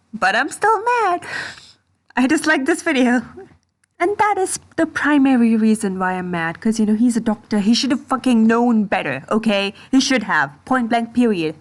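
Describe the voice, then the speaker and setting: Brief: female YouTuber, angry profane rant, voice sits a bit high. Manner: heated, indignant, heavy swearing. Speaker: commentary YouTuber. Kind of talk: ranting commentary vlog.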